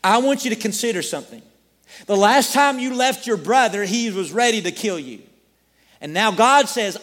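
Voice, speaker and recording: Male pastor, high voice, sermon storytelling with rhetorical questions; long hall reverb. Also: expressive, moderate pace, a bit bright. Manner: storytelling preacher who asks the listeners rhetorical questions.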